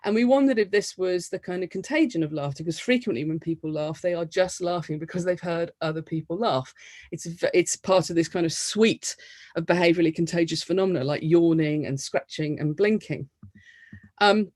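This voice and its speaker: A woman's voice: on the low side, a little fast, no room sound. Dry, close-mic'd woman lecturing. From United Kingdom. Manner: lively, explanatory. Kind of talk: academic lecture.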